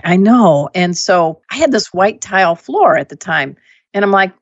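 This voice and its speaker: A woman who teaches pet first aid, telling stories and giving emphatic advice in a casual, animated way. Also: mid-range voice, normal speed, vocal fry, dry recording. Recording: dull lo-fi dry audio.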